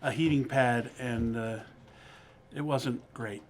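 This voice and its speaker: A man who produces the show, chatting with the host in a low-key, candid way. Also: fairly even intonation, takes it slowly. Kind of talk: casual chat.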